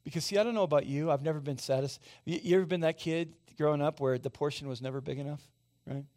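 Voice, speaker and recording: A man's voice: on the high side, quick pace, darkish tone. A man in his forties preaching a sermon as pastor, conversational and often asking the congregation questions. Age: 40s. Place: church sanctuary.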